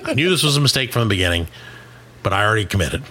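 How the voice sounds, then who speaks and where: Animated, bright-voiced male storyteller. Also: lowish voice, very fast. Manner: animated, swearing, acts out quoted voices. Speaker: podcast co-host. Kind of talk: casual storytelling.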